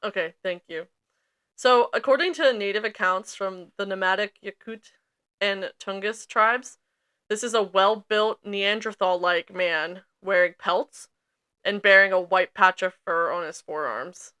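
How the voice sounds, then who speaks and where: A woman's voice: mid-range voice, a little slow, smooth. A woman co-hosting a podcast, chatting casually and reading from notes with frequent ums. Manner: relaxed, hesitant with frequent ums. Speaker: podcast co-host.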